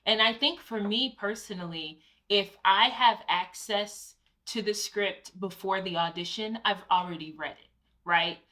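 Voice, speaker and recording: A woman's voice: mid-range voice, unhurried, pushed and bright. A woman co-hosting a casual chat, giving conversational advice with personal anecdotes. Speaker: co-host, Broadway actor.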